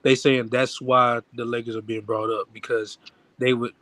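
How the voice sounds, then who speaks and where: A man's voice: medium pitch, flat delivery, moderate pace, fairly bright tone, dry recording. A man in a casual sports chat, passing on news reports in a cautious way.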